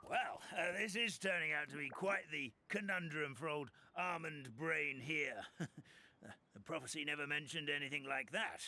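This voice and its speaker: A man voicing a kindly, forgetful old paper grandfather in a game cutscene, gentle and chuckling, with old-fashioned blessings. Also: a little high, moderate pace. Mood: warm. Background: soft game music.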